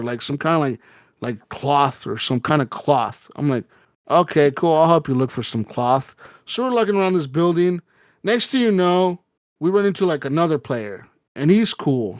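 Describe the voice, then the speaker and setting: A man co-hosting a gaming podcast, telling a rambling, profane story in casual chat and acting out quotes with sudden jumps in pitch. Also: no room sound, clean studio sound. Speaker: podcast co-host.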